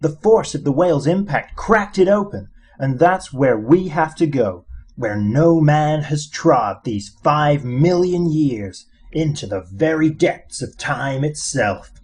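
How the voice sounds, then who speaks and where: A man's voice: a little high, expressive, slow pace, darkish tone, husky, voice pushed up, full character voice. A man doing a brash swaggering alien adventurer. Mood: pushy. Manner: pushy, breezy, impatient.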